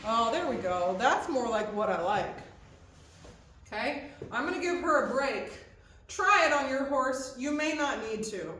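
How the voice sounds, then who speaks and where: A woman's voice: high-pitched, lively intonation, measured pace, fairly bright tone. A woman horse trainer giving hands-on instruction, explaining each step and checking in with "okay?" as she goes. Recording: echoey, distant mic with faint background noise.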